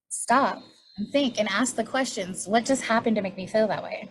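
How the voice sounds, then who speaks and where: Talking fast at medium pitch, this class facilitator in her forties teaches a healing session on triggers. Her style is open and conversational, she shares about herself, and she keeps asking a rhetorical "right?"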